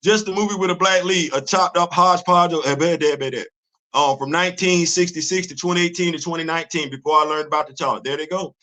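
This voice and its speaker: A man hosting a casual live-stream commentary, animated and rhetorical, laughing often as he talks. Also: on the high side, fast talker. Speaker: host.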